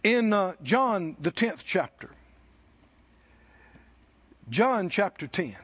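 A male preacher delivering a sermon, leading the congregation in call-and-response with slow, emphatic lines. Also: high voice, very animated, a bit bright, breathy edge, dull audio.

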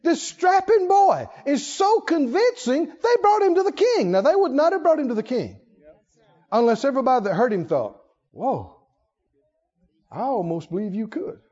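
A man preaching a sermon, animated, acting out quotes and shouting at the peaks. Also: extremely high pitch, moderate pace, lo-fi sound.

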